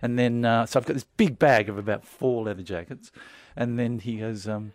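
Male host, casual storyteller, halting and amused, middle-pitched voice, dry studio sound. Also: dry recording. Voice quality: halting, full of fillers and restarts, amused.

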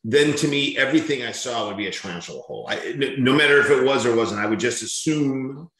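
A man hosting an interview, curious and expressive, who often stumbles as he starts a sentence. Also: mid-range voice, fast. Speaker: host. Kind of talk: casual interview chat. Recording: roomy echo.

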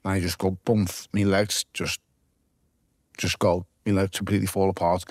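Guest: low-voiced man with a Liverpool accent, vivid swearing storyteller, dry close sound. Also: level tone, normal speed, darkish tone, dry recording. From Liverpool, England. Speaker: guest, former boxer. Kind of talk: casual podcast interview.

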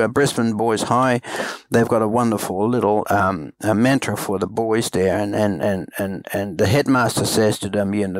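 A man, a parenting coach, giving earnest, halting podcast interview answers with many restarts. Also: medium pitch, no echo, rough recording. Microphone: remote call.

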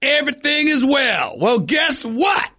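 A sports radio host putting on a loud, mocking Southern drawl as a gloating cowboy-hat football fan. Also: male voice, very high voice, sing-song, pitched above the performer's own voice, full character voice. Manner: loud, mocking, drawn-out shouting. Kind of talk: comic impression on sports radio.

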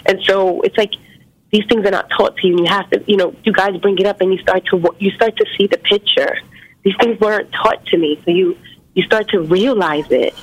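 A woman calling in to a talk show, speaking in an earnest, halting and grateful way. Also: medium pitch, breathy edge. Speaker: caller. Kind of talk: call-in talk. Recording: phone line.

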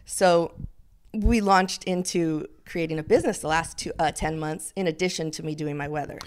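Middle-aged woman, podcast guest, lowish voice, animated storyteller. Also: normal speed. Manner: animated storyteller, acts out quotes. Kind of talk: casual interview chat.

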